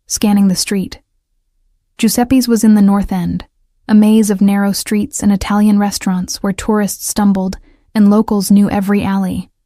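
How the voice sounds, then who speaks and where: A woman narrating a first-person romance story in a measured, scripted way. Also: mid-range voice, mellow, no echo, studio quality.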